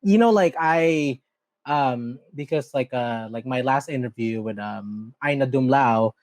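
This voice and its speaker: A man's voice: mid-range voice, unhurried, a little mellow, dry recording. A man hosting a podcast, chatty and upbeat, talking casually with many fillers. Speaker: podcast host. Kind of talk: casual interview chat.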